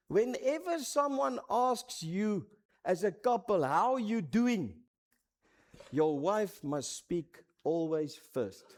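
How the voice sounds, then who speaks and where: A middle-aged man with a Namibian accent preaching a sermon as a pastor, telling stories that swing between dramatic highs and hushed lows.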